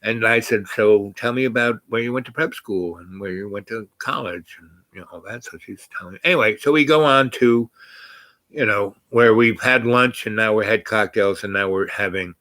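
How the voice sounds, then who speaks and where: An elderly man in his eighties spins a rambling personal anecdote, full of ums and restarts. His voice sits fairly low, and the recording is dry and close, with no room sound. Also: sharp tone, no room sound. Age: 80s. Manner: rambling, halting, many fillers and restarts. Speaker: storyteller. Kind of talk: casual personal storytelling.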